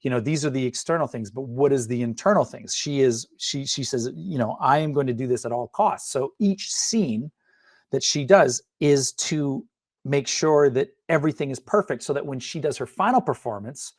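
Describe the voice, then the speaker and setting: A middle-aged man gives a webinar lesson on writing characters, chatting loosely and checking in with the listener as he goes. His voice sits at an ordinary male pitch and sounds close and dry. Now and then he slips into quick sample line readings. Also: a little mellow, no echo. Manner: conversational, peppered with "right?" and "you know", acting out sample line readings. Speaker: acting and screenwriting instructor. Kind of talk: webinar lecture. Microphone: webinar microphone.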